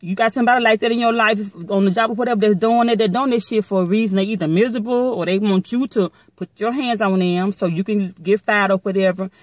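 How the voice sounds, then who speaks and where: A middle-aged woman vlogger telling a story to her viewers in a blunt, profane and animated casual way. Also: mid-range voice, quick pace, few pauses, no room sound.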